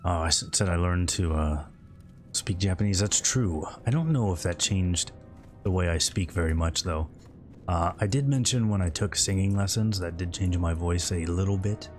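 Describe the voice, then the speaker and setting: Man, slightly scratchy throat, deep voice, relaxed rambling game-stream chat, faint background music. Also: normal speed. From American Midwest. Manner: relaxed, rambling, talks a bit loud into the mic. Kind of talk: casual chat while gaming. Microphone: close streaming mic.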